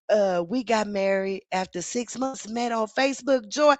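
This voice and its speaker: A woman's voice: fairly high pitch, normal speed, dry recording. A woman, hosting a casual live commentary stream, reading the chat aloud and talking back to it, sassy and laughing often. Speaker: livestream commentary host.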